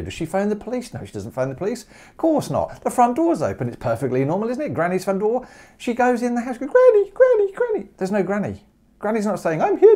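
Animated, jokey male maths teacher. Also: high-pitched. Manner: animated, jokey, full of rhetorical questions. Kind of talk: humorous video lesson.

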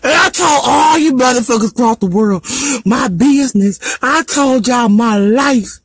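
A man playing a self-pitying gay man who wails, cries and shouts melodramatically in a live-stream comedy bit. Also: extremely high pitch, unhurried, husky, dry recording, heavily acted, rough recording. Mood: wailing. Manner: wailing, crying, melodramatic shouting.

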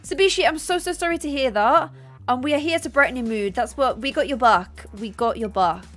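Bubbly high-voiced woman streamer. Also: brisk. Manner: chatty, bubbly, thanks viewers excitedly. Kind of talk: casual gameplay livestream chat. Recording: faint music behind.

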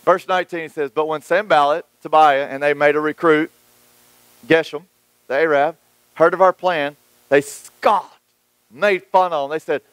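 High-voiced pastor preaching with big swings. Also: male voice, normal speed, clean tone, no echo, poor audio. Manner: dynamic preaching with wide swings between hushed and raised delivery; acts out quoted voices of church folk and critics. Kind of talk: sermon.

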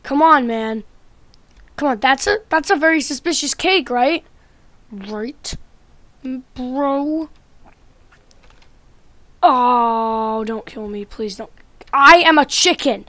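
A woman giving playful Minecraft gameplay commentary, trash-talking loudly one moment and muttering quietly the next. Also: high-pitched, slow pace, long pauses, no echo. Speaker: gaming YouTuber.

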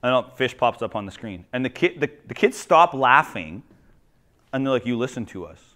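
A man from Ontario, a teacher telling jokey, animated stories in a conference talk. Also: medium pitch, normal speed. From Ontario, Canada. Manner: animated, jokey, acts out quoted voices. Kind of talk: humorous storytelling presentation.

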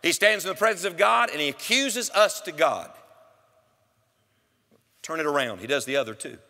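Male preacher: higher-pitched, bright, very lively delivery, emphatic and direct with the congregation; church room reverb. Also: moderate pace. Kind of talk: sermon. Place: church sanctuary.

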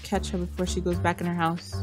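A woman's voice: on the low side, monotone, fairly quick, over loud music. A young woman giving casual, chatty commentary while playing a game, often scolding the characters on screen. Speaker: gameplay streamer.

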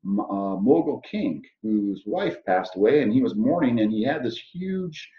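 A man's voice: fairly low pitch, big pitch swings, unhurried. A man teaching a history lesson, leading a map walkthrough with a joking manner. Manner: jokey, leads a map walkthrough. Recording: echoey room, dull lo-fi sound.

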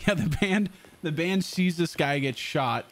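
A young man casually commenting on his gameplay as a streamer, excitable and swearing often. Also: on the high side, a little slow, a little hiss or hum.

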